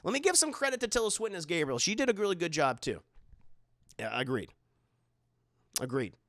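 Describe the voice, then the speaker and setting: A man's voice: on the high side, big pitch swings, a little fast, fairly bright tone, no room sound, clean studio sound. A man live-streaming, rambling through casual commentary and reading out his chat, often stumbling and repeating words.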